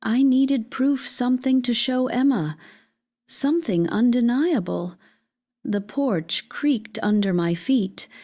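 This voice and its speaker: A woman giving a measured, scripted first-person dramatic narration as a storyteller. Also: on the high side, animated, warm tone, no echo, clean studio sound.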